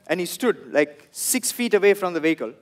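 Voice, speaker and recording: Sri Lankan man doing animated stand-up. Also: high-pitched, a little fast. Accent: Sri Lankan English. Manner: animated storytelling, acts out quoted people in loud bursts. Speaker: stand-up comedian. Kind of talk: stand-up comedy set.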